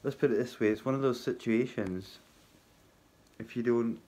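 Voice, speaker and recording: A man talking casually to his viewers from his hotel workplace at night, halting and full of ums, with a wry sense of humour. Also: mid-range voice, mellow. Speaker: vlogger. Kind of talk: casual spoken vlog.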